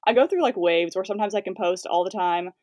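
Fast-talking young woman influencer. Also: medium pitch, a little mellow, no room sound. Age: 20s. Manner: fast-talking, filler-heavy, laughing. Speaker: guest influencer. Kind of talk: casual interview chat.

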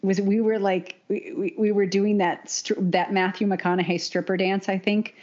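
A woman co-hosting a casual podcast as a running coach, talking in an animated, opinionated way and laughing often. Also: medium pitch, normal speed. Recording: dull lo-fi podcast audio.

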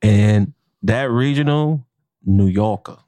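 Low-voiced man telling a kitchen story. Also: slow pace, dry recording. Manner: animated, profane, acts out quotes with laughs. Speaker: chef and podcast co-host. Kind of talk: casual podcast storytelling.

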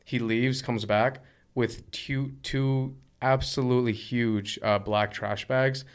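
A man hosting a casual interview, sharing his own stories in an animated, drawn-out way. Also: medium pitch, clean tone.

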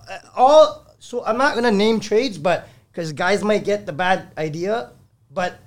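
A man who owns a construction company, telling stories in a lively, profane way on a casual podcast. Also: high-pitched. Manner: animated, profane storytelling.

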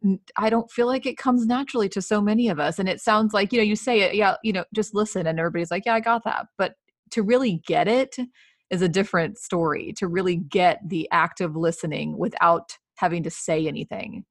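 A woman's voice: lowish voice, fairly quick, dry recording, studio quality. A woman hosting a podcast, speaking earnestly and effusively in casual interview chat. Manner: earnest, effusive, repeats words. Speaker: podcast host.

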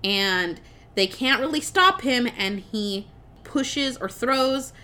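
Animated young woman recapping a film. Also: on the high side, takes it slowly. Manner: animated storytelling with frequent swearing and fillers. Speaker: podcast co-host.

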